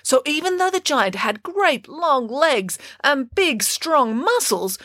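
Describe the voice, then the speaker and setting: A woman narrating a children's story in a playful, expressive way. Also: high-pitched, slow pace, no echo, clean studio sound.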